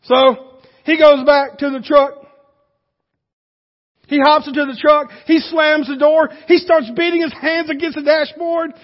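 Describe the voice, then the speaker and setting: A man preaching a sermon, telling a folksy story with lively animation. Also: extremely high pitch, unhurried, long reverb tail, lo-fi sound. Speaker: pastor.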